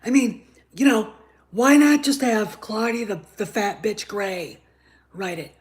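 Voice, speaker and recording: A woman hosting her own show, ranting in anger, swearing freely, stammering and repeating herself, dropping from shouts to muttered asides. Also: mid-range voice, unhurried. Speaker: show host. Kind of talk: angry ranting commentary.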